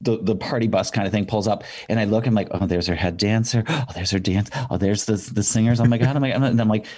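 Man telling an animated story, dry sound. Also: on the low side, quick pace, no echo. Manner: animated anecdote with quoted voices; frequent fillers and restarts. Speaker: storyteller guest. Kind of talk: casual storytelling.

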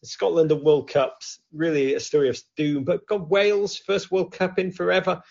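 Guy hosting a footy call-in, gravelly, jokey, loud then hushed, kinda lo-fi sound. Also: on the high side, normal speed. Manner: animated, joking, swings from loud to hushed. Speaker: host. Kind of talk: lively football chat show with callers. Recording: dull lo-fi sound.

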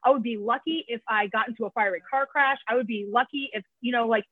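A woman's voice: a little high, fast, no echo. A woman guest telling her recovery story frankly, with lots of casual filler and swearing, over a call. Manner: frank, profane, fillers of "like" and "you know". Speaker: podcast guest, author in recovery. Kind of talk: candid conversational storytelling. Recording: tinny phone line, dry.

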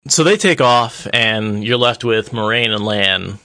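A man with a gravelly, fry-laden voice and a bright, forceful tone talks about a book in a relaxed way. He speaks over a phone, and his voice sounds dry and close. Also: lowish voice, unhurried, dry recording. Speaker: podcast co-host. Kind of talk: casual book discussion.

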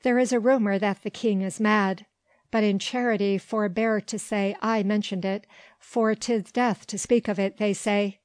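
A talkative old man, as a woman reader puts him on, rambling from one piece of gossip to the next at an unhurried pace. The storybook voice sounds close and dry. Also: mid-range voice, steady tone, no room sound, lightly acted. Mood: gossipy.

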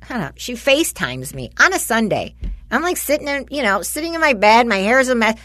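A woman's voice: a little high, a little fast, dry recording. A woman in her forties chatting casually with a friend, telling stories animatedly and swearing freely. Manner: animated storyteller, swears freely, acts out dialogue. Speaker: parent of a teenage son. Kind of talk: casual chat between friends.

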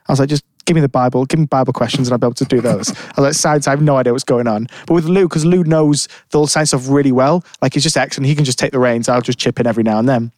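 A man's voice: medium pitch, a little mellow, dry recording. A man telling a rambling story in casual chat, full of fillers and restarts. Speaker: podcast co-host.

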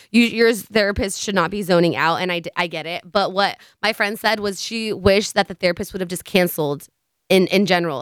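A young woman casually telling a story to her viewers, chatty and animated, acting out what friends said. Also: mid-range voice, no room sound, studio quality. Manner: chatty, animated retelling with quoted voices. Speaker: vlogger.

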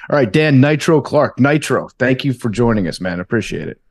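A man's voice: medium pitch, animated, fairly quick, breathy edge. A man hosting a podcast, joking and laughing casually with a guest. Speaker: podcast host. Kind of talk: casual chat.

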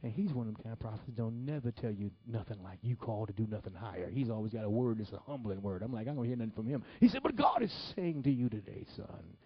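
A man preaching a sermon, telling stories with animated swings between loud exclamations and hushed whispers. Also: fairly low pitch, quick pace, hardly any pauses, slightly rough, dry recording, lo-fi sound. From Detroit, Michigan. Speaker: pastor. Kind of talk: sermon storytelling.

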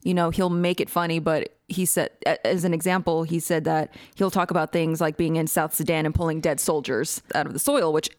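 A woman answering an interview question in a relaxed conversational way. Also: deep voice, brisk, hardly any pauses, no room sound, studio quality. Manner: conversational, with fillers.

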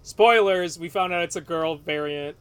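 A man's voice: on the high side, moderate pace, a bit bright, clean tone. A man co-hosting a podcast, rambling casually through a recap, laughing and swearing freely. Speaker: podcast co-host.

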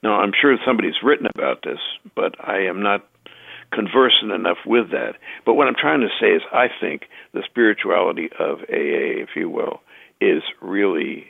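A man's voice: deep voice, moderate pace, gravelly, no room sound. A man speaking as an interview guest, talking hesitantly with many fillers and restarts. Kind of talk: conversational interview. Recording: tinny phone line.

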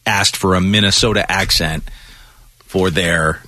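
A male radio host telling a story in animated, laughing banter. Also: low-pitched, unhurried, no room sound, studio quality.

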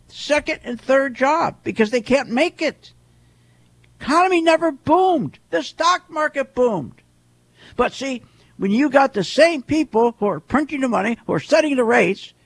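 A man giving a heated, repetitive monologue as a market commentator, firing off rhetorical questions. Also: very high voice. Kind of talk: ranting monologue.

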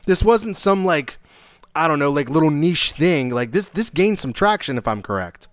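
A man co-hosting a casual podcast, talking haltingly with many fillers and restarts. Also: on the high side, animated, no room sound, clean studio sound. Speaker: podcast co-host.

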